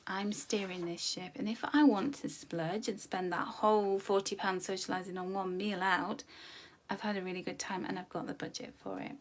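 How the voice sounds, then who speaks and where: Brief: woman from the UK, friendly budgeting coach on a live session, warm chatty delivery, lots of ums and restarts. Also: medium pitch, steady tone, moderate pace, a little hiss or hum. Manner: chatty, encouraging, addresses viewers as "my loves". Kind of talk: live online budgeting tutorial.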